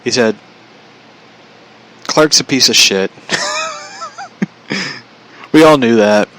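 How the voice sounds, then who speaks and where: A man's voice: medium pitch, takes it slowly, fairly bright tone, rough recording. A man casually telling a personal story, chatty, relaying a conversation line by line and laughing often.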